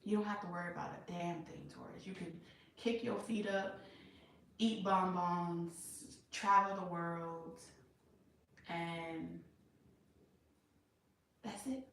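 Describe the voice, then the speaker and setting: A woman voicing a doting lover who proposes in a soft, hushed, coaxing way. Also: on the low side, steady tone, takes it slowly, long pauses, slight background noise, voice pushed down. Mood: tender, coaxing. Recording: echoey room, far from mic.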